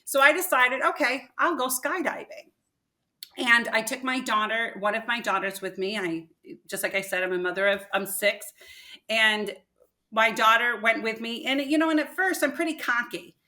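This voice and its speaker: An older woman, a podcast guest, telling a personal story in an animated way and acting out what people said. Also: a little high, moderate pace.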